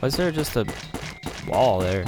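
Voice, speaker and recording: A man's voice: mid-range voice, big pitch swings, normal speed. A man giving casual gameplay commentary, rambling in chatty asides. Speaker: gameplay streamer. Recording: game music loud underneath.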